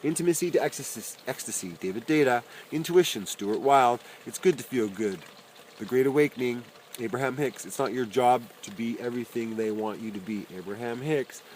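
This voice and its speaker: Uomo che legge titoli con ironia asciutta. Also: male voice, mid-range voice, fairly quick, a little mellow, a little hiss or hum, rough recording. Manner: dry, wry asides between titles, trailing off at each author name. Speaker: self-help listener reading his list. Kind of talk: casual spoken list, reading titles aloud.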